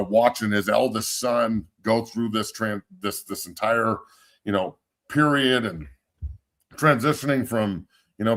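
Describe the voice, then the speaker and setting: A middle-aged man with a low, gravelly voice, chatting casually as a podcast host. He tells stories bluntly and swears freely, then turns to heartfelt praise without losing his rough edge. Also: fairly bright tone. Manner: blunt, profane storyteller. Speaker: podcast host and football coach. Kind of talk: casual chat.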